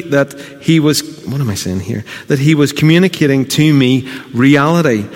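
A man preaching a sermon as a pastor, earnest and emphatic with dramatic pauses. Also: mid-range voice. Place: church auditorium. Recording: long reverb of a church hall.

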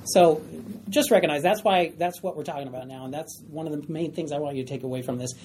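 Woman teaching bible study, mellow voice, keeps asking the group stuff, bit of background hiss. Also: low voice, fast talker. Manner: emphatic, asks the group questions.

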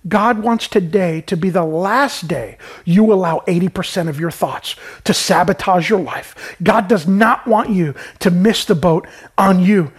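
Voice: mid-range voice, measured pace, hardly any pauses, slightly rough. A pastor preaching a sermon with urgency, repeating key lines and calling on the listeners to respond.

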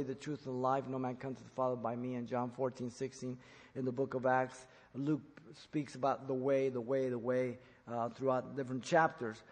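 A man preaching an expository sermon in church, emphatic, rising to loud peaks when quoting. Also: medium pitch, slightly rough, long reverb tail. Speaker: pastor.

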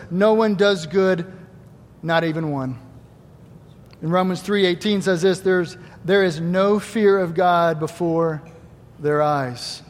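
A man preaching a sermon, lively and animated, acting out quoted voices and swinging between loud emphasis and quiet asides. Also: sits high, long reverb tail. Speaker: pastor. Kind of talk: Easter sermon.

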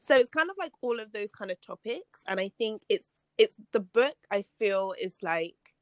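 A woman's voice: medium pitch, expressive, normal speed, dry recording. A woman with a London accent, a guest on a podcast, talking reflectively with frequent "like" and "um". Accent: London English. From England. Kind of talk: casual podcast chat.

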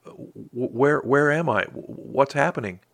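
A man's voice: medium pitch, normal speed, a bit bright, dry recording, studio quality. A man voicing a small, timid carpet beetle that stammers, tearful and full of wonder. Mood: frightened. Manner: stammering, breathless.

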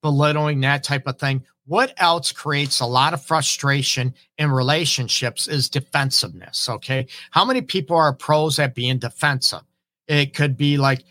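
A middle-aged man, a relationship counselor, hosting an advice talk while hoarse from a cold, earnestly checking in with his listeners. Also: mid-range voice, normal speed, sharp tone. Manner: earnest, keeps asking "right?" and "okay?". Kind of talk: live-streamed advice talk.

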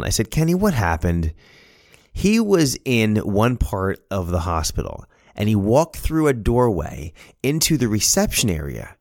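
A middle-aged man hosting a podcast, telling a story in a casual, animated, self-amused way. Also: on the low side, no room sound, clean studio sound. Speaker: podcast host.

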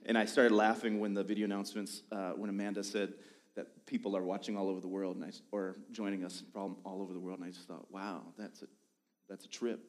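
A lead pastor in his thirties preaches to his church in a low-pitched voice. He talks casually, wanders into tangents and pokes fun at himself, so the sermon feels like a friendly chat. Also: little pitch movement, fast talker. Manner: joking, tangent-prone, self-deprecating. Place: church sanctuary.

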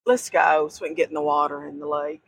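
A woman's voice: low voice, level tone, fast talker, slightly rough, no room sound, poor audio. A middle-aged woman, chatting casually as a podcast co-host while outdoors at sand dunes. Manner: chatty, homespun drawl. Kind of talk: casual travel chat.

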